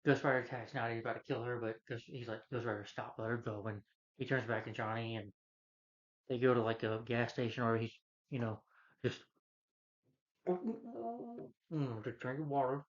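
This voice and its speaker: Casual male film reviewer, mid-pitched voice, rambling plot recap full of fillers, slightly dull lo-fi sound. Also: steady tone, fairly quick. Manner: loose, meandering retelling with many fillers.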